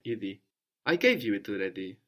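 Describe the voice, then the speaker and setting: A man teaching a spoken language lesson, patiently prompting his student and repeating each answer slowly. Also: lowish voice, very animated, bright, forceful tone.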